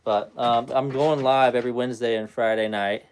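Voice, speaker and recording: A man's voice: medium pitch, steady tone, normal speed, slight background noise. A man hosting a casual livestream, chatting loosely with viewers in a rambling, easygoing way. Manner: rambling, talks to his dog between chat replies. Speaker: livestream host.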